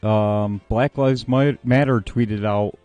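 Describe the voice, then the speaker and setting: A man's voice: on the low side, fairly even intonation, takes it slowly, dark tone, no room sound, highs cut off, soft background music. A man co-hosting a livestream in casual chat, joking and laughing a lot. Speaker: livestream co-host.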